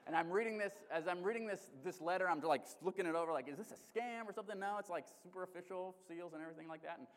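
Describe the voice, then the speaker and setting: A male pastor with an Alaskan accent preaching a sermon in a conversational, animated way, restarting often. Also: high-pitched, very fast. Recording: long hall reverb.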